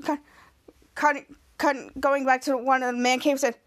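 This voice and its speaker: A woman with a high, bright-pitched voice talks through a TV episode recap in a loose, rambling way, stringing scenes together with "cut to" and little questioning hums. The sound is close and dry, with no room around it. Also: level tone, moderate pace, no echo. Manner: rambling, repeats "cut to" with questioning "hmm?" fillers. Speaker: podcast host.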